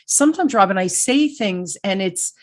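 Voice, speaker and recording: A middle-aged woman hosting a conversational interview, talking in an energetic, animated way and telling stories about herself. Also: medium pitch, normal speed. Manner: energetic, animated, self-deprecating storyteller. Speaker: podcast host.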